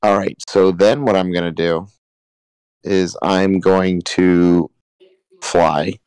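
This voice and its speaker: Man, tabletop player, low pitch, dry sound; halting, planning aloud. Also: fairly even intonation, darkish tone, smooth, no room sound, rough recording. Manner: hesitant, many restarts. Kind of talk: casual tabletop play chat.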